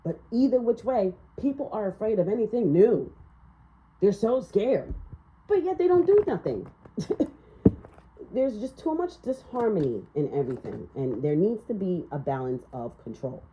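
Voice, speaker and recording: A woman giving a casual tarot reading, blunt and profane, ranting and laughing as she talks. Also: a little slow. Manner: animated, swinging up and down in pitch. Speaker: tarot reader. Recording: slightly dull, lo-fi sound.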